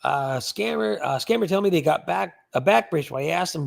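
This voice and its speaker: A man's voice: a little high, animated, normal speed, creaky. An older man hosting a livestream, chatting casually and rambling as he reads out viewer comments. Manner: chatty, rambling, repeats words. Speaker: livestream host.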